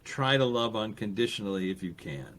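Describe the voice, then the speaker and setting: A man talking as a podcast guest in a casual interview, animated and quick to act out the voices he quotes, often restarting his sentences. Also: lowish voice, slight background noise.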